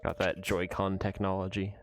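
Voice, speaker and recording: A man's voice: low-pitched, flat delivery, normal speed, soft background music. A man hosting a game stream, talking in an easygoing, good-natured and dry way with his co-player. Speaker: stream host. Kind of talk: casual gaming banter on stream.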